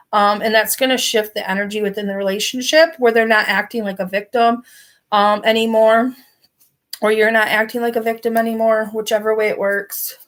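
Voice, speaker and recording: A woman giving a casual tarot reading to camera from her bed, rambling with lots of filler words. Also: a little high. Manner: rambling, filler-heavy with frequent "like". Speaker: tarot card reader. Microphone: camera in front of her.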